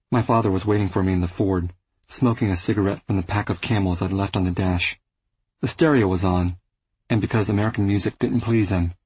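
A man reading a first-person literary audiobook, measured and restrained. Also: on the low side, a little mellow, breathy edge, no echo, low-quality recording. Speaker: audiobook narrator.

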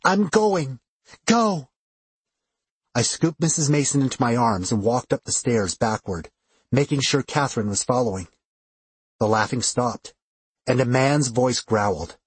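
A man narrating first-person fiction in a steady, expressive way on a close studio microphone. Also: medium pitch, moderate pace, breathy edge, no echo. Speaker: audiobook narrator.

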